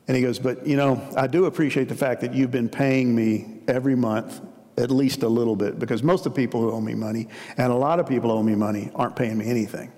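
A man's voice: mid-range voice, steady tone, quick pace, mellow. Man preaching in a reverberant hall. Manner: storytelling, conversational preaching. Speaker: pastor. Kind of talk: sermon.

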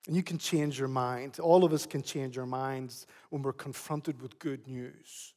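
A man's voice: medium pitch, steady tone, measured pace, dark tone. A man preaching a sermon as pastor, emphatic and prone to repeating phrases. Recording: long hall reverb.

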